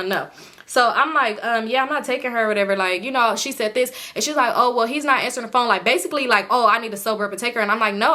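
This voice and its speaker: Young woman vlogger, high, fast talker, casual storytime, animated quoting. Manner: animated, acts out quotes of friends; swears casually, addresses viewers as y'all.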